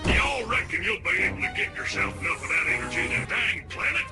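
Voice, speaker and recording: An actor voicing a dimwitted robot sidekick with a mock Southern cowboy drawl in a video game. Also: male voice, high voice, animated, quick pace, over loud music. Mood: folksy.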